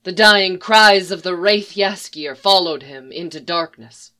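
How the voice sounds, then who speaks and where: Slow, solemn storybook reader. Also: medium pitch, pushed and bright. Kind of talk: fan fiction story reading.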